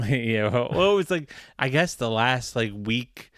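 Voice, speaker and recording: A man's voice: mid-range voice, animated, unhurried, fairly bright tone, dry recording, clean studio sound. A man co-hosting a casual podcast with friends, laughing often and rambling with restarts. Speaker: podcast co-host. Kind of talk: casual chat among friends.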